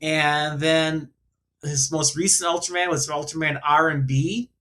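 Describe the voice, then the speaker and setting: A man in a casual podcast chat about films, recalling facts in a halting way with many fillers. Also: fairly high pitch, steady tone, sharp tone. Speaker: podcast co-host.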